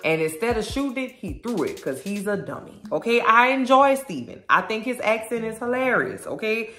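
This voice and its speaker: A woman casually recapping a show episode in an animated, slangy way, acting out the characters' lines. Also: a little high, brisk. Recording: echoey room, faint music.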